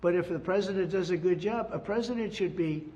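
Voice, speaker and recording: An older man from the United States speaks in an emphatic, repetitive press statement, his voice sitting a bit high. The sound is dull and lo-fi, with a long reverb trailing each phrase as if picked up in a large room. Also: a little fast, a little mellow. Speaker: former president.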